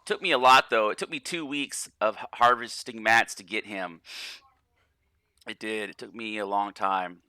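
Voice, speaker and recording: A man's voice: on the low side, normal speed, bright, forceful tone, clean tone, dry recording. A man casually commenting on his gameplay in a rambling, profane way, often repeating and restarting words. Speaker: gaming channel host.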